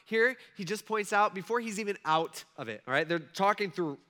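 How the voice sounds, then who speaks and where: High bright-voiced male preacher. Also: expressive, brisk. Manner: conversational, frequent asides and check-ins with the audience. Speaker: pastor. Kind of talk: sermon.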